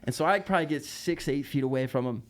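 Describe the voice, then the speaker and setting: A man telling a tour story as a podcast guest, lively and laughing, with lots of fillers. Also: medium pitch, fast. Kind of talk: casual storytelling.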